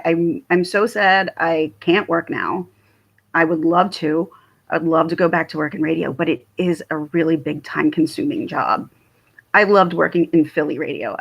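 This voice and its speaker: A woman's voice: on the low side, gravelly, fairly bright tone, breathy edge. A middle-aged woman with a Philadelphia accent, chatting casually on a livestream and answering viewer comments. She is chatty, laughs often, and trails off and restarts. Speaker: livestream host. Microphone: phone or webcam livestream.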